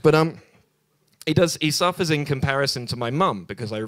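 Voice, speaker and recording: With a somewhat high, slightly bright voice, a young British comedian talks fairly quickly and animatedly during an open mic set at a bar. There's no room sound on his handheld stage mic, and his dry, self-deprecating routine rambles with many ums and restarts.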